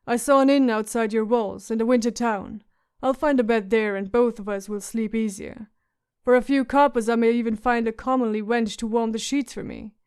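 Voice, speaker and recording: A woman's voice: on the high side, fairly even intonation, normal speed, darkish tone, smooth, natural voice. A woman voicing a sardonic, witty dwarf lord who speaks in a dry, mocking way. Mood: wry.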